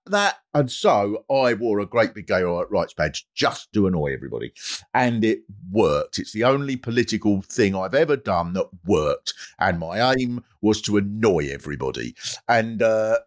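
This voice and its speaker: A man hosting a comedy podcast, telling stories in an animated way and bursting into mimicry. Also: fairly low pitch, moderate pace. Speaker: podcast host. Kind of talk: comic storytelling chat.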